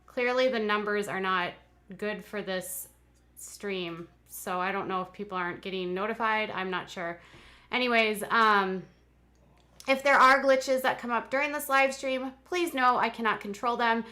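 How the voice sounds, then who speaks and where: Bright-voiced woman hosting a live commentary. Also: mid-range voice, moderate pace. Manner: chatty, exasperated asides. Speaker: commentary channel host.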